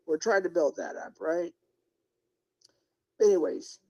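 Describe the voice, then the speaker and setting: A man's voice: fairly high pitch, very animated, measured pace, a little mellow, highs cut off. A middle-aged man live-streaming as a YouTuber, ranting indignantly and talking straight to his viewers and chat. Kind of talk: unscripted livestream rant.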